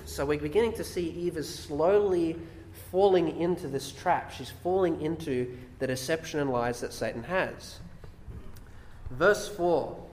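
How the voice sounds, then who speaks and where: Male preacher, fairly high voice, teaching from scripture in a big echoing room. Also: slight background noise. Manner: explains verses, reads aloud, rhetorical questions. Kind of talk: sermon on scripture. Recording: echoey hall with long reverb.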